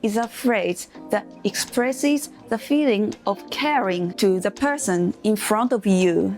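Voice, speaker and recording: A woman teaching beginner phrases in English, speaking clearly and carefully and leading slow repeat-after-me drills. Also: mid-range voice, lively intonation, darkish tone, faint music behind. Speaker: Japanese language teacher. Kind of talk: scripted language lesson for beginners.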